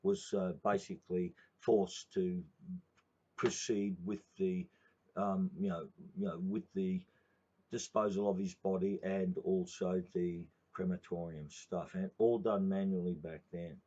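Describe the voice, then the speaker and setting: Brief: older Australian man, very deep and husky, profane rambling storyteller. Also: flat delivery, unhurried, warm tone. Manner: rambling, profane, addresses listener as mate. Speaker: union organiser. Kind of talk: casual storytelling. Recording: dull lo-fi recording.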